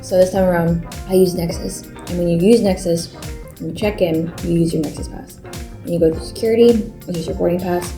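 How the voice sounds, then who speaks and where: A woman's voice: fairly low pitch, fairly even intonation, fairly quick, warm tone, soft background music. A young woman vlogging casually to camera, chatty and full of "like", acting out other people's reactions as she tells stories. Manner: chatty, lots of "like", acts out quoted reactions. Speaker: bodybuilding competitor vlogger. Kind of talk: casual vlog talk to camera.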